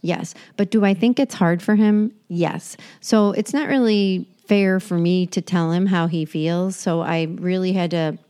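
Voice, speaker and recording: A woman's voice: fairly low pitch, fairly even intonation, measured pace, hardly any pauses, warm tone, clear, resonant tone. A woman in her forties co-hosting a casual chat show, telling rambling stories full of restarts. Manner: rambling storyteller with frequent restarts. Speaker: podcast co-host.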